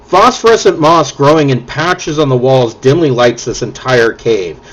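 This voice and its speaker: A man running a tabletop game as dungeon master, narrating scenes in a relaxed, descriptive way. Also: mid-range voice, normal speed. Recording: dull lo-fi audio.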